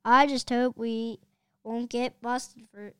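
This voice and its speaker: A young schoolboy prankster who stammers and frets about getting caught, in a read-aloud storybook, as a woman voices him. Her voice is very smooth and a little high. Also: little pitch movement, slow, dry recording, clean studio sound. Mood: nervous. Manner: nervous, stammering.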